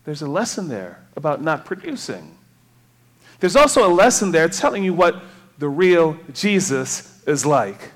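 A man's voice: on the high side, big pitch swings, a little slow. A man preaching a sermon in a conversational way, reading scripture and asking the congregation rhetorical questions.

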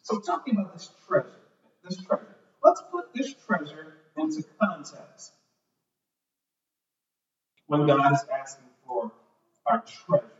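A man's voice: on the high side, big pitch swings, unhurried, pauses often. A man preaching a sermon, reading scripture and talking in a conversational way with repeated words and asides. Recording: echoey hall, voice from far off, dull sound.

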